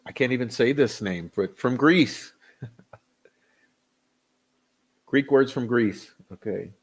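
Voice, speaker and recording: A man with a medium-pitched voice takes his time while hosting a laid-back livestream. Reading names off the chat, he greets viewers and rambles loosely, with chuckles and fillers.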